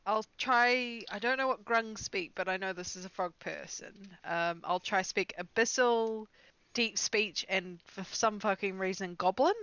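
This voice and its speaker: Woman player, bright smooth voice, halting casual banter, dry lo-fi mic. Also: mid-range voice, dry recording. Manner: hesitant restarts, swears freely. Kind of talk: casual tabletop game banter.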